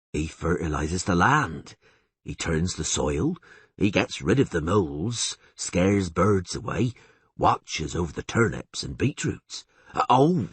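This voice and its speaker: Man reads elder, slow and earnest, husky. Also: sits low, fairly bright tone, no room sound, heavily acted. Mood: plodding. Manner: slow, plodding, folksy speech. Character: rustic old male peasant elder, slow and earnest.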